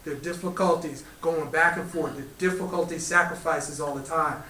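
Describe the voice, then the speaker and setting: A man, a community spiritual teacher, telling a parable to a live gathering in a relaxed storytelling way. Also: fairly high pitch, brisk, a little hiss or hum. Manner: relaxed storytelling, lively quoted animal voices. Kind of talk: storytelling talk to a live audience. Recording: roomy echo, voice from far off the mic.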